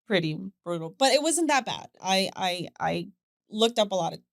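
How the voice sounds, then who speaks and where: A woman's voice: medium pitch, animated, normal speed, creaky, dry recording, studio quality. A woman guest on a podcast, openly telling a personal story in casual conversation and laughing now and then. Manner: open, storytelling with acted quotes and laughs.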